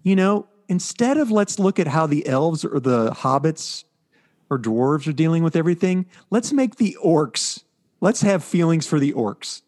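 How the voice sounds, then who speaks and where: A man co-hosting a podcast where comics are reviewed chats casually, rambling through stories with lots of fillers. His voice sits on the high side, expressive and slightly slow, with a darkish tone.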